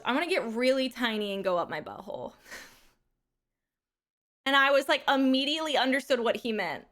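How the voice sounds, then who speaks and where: Chatty young woman streamer, rambling stories. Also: fairly high pitch. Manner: chatty, animated storytelling with lots of fillers. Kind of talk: casual chat to stream while gaming.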